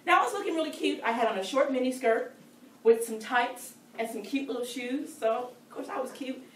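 A woman telling a personal story to a speaking club, animated and playful. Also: high voice, fairly quick, a little hiss or hum. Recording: echoey room, distant mic, faint ambience.

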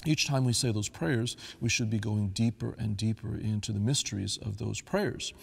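A priest giving an earnest, devout talk on liturgical chant, now and then singing a phrase to show how it sounds. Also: male voice, lowish voice, moderate pace, vocal fry, slightly rough, big-room sound.

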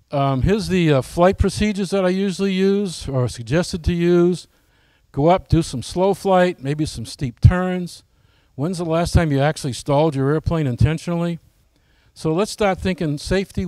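A man's voice: on the high side, dark tone, dry recording. Folksy man giving a club talk. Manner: folksy, asks the audience direct questions. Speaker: flying club presenter. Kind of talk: casual presentation to club members.

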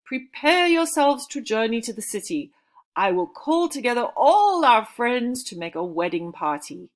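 A proud older father who speaks with warm but firm authority, as a woman reading a storybook puts him on. He talks slowly and a little louder than the narration. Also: on the high side, sing-song, pitched above the performer's own voice.

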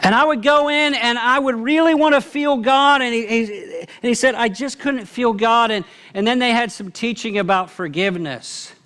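A man preaching a sermon as pastor, telling a story earnestly and swinging between animated and hushed delivery. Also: extremely high pitch, normal speed, hardly any pauses. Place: church auditorium.

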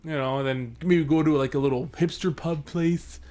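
A young let's play host from Sudbury, Canada talks through a horror game in a mellow, steady voice on the high side, at a moderate pace. He's full of jokes, and scares make him yelp, panic, and curse.

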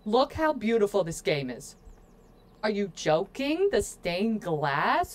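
A woman's voice: medium pitch, sing-song, slow. Woman game streamer, casual let's-play talk, playful and jokey, chatty with viewers. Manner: playful, joking asides to chat; chatty, addresses viewers often.

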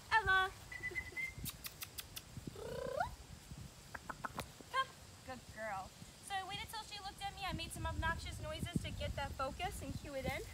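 A woman dog trainer calmly explaining steps while demonstrating training outdoors. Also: high voice. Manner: calm, explanatory, coaching. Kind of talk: instructional training demo. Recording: loud outdoor background noise.

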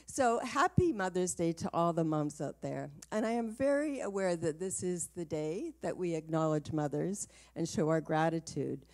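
Mellow, low-voiced woman minister. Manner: chatty and warm-hearted, laughs easily, light fillers. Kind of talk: livestream church service talk. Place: small home worship space.

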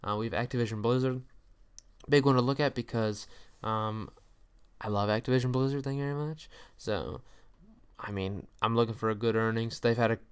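A man's voice: mid-range voice, smooth. A man running through stock earnings in casual solo commentary, joking, ranting at companies and then apologizing. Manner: chatty, jokey, apologizes for mock rants. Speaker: stock market YouTuber.

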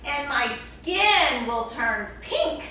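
A woman voicing a panicky crocodile who has swallowed a seed, with loud, drawn-out exclamations. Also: high voice, very animated, heavy reverb, distant mic, a little hiss or hum, exaggerated voice. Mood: alarmed.

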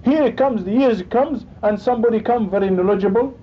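A man preaching a sermon with emphasis, acting out quoted exchanges as he goes. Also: fairly quick. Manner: emphatic, acts out quoted dialogue. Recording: dull lo-fi recording with faint rumble.

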